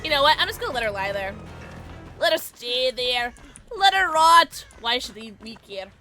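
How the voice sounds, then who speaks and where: A woman streaming a game, chatting casually with viewers in an excitable way, with sudden high yelps and laughs. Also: moderate pace. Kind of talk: casual livestream chat while gaming. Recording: game music behind the voice. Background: game music.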